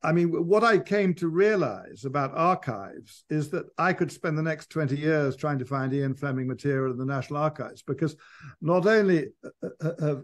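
A man's voice: fairly high pitch, normal speed. A man, a biographer guesting on an interview and telling long, digressive stories with frequent restarts. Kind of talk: conversational interview.

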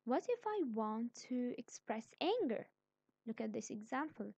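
A woman's voice: on the high side, animated, unhurried, a little mellow, no echo, muffled recording. A woman teaching a grammar lesson, explaining patiently step by step. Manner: patient, explains step by step, then acts out example sentences.

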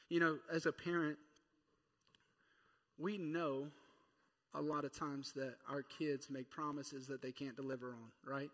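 A man's voice: a little high, steady tone, unhurried. A man in his thirties preaching a sermon in a conversational, playful way. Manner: conversational and playful, acting out quotes. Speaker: pastor. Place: church. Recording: church hall reverb.

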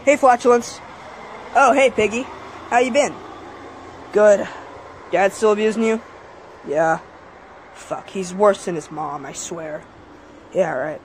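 An amateur performer voicing characters in a crude animated cartoon, loud, shouty and profane. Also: medium pitch, takes it slowly, long pauses, a little hiss or hum.

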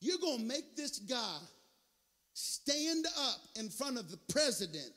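High-pitched man preaching a revival sermon. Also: very animated, measured pace, in a large hall. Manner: builds into a shouted, chanting preaching cadence; calls out to the congregation with "huh?" and "can I tell you". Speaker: guest pastor. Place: church sanctuary.

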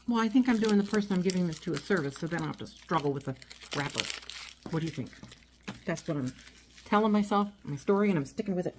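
Chatty woman unboxing, slightly low voice. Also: lively intonation, fast talker, darkish tone, a little hiss or hum. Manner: chatty, rambling, talks while handling items. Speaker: vlogger. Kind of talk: casual unboxing haul chat. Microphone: phone. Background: crinkling packaging.

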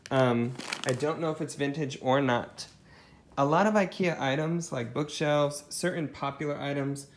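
Chatty man rambling through a thrift haul. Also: mid-range voice. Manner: chatty and rambling, with many ums and asides. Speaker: thrift reseller showing a haul. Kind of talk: casual haul vlog chat.

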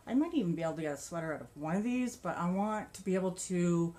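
A woman's voice: fairly low pitch, expressive, quick pace, warm tone. A woman vlogger chatting casually about her crochet projects and yarn, gushing and laughing often. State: a bit out of breath. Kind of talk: casual show-and-tell chat.

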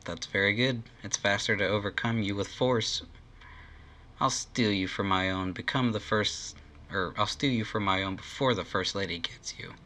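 A man's voice: on the low side, normal speed, pushed and bright. A man voicing a greedy, domineering young queen from a game with a haughty, possessive manner.

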